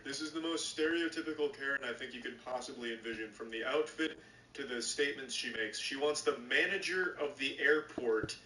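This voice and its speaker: Brief: male streamer, sarcastic and foul-mouthed, a touch high, distant in an echoey noisy room. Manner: sarcastic, swears often. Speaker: streamer reacting to videos. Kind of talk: casual profane commentary. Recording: roomy, distant, noisy mic.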